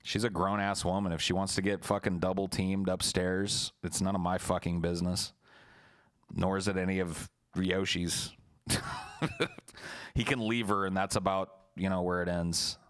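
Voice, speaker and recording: A man's voice: deep voice, level tone, normal speed, a bit bright, clean tone. A young man streaming, telling a story casually and talking back to his chat in a profane, blunt, laid-back way.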